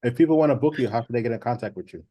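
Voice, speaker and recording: A man hosting an interview, asking brisk, friendly questions. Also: medium pitch, no echo, muffled recording. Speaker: interviewer host.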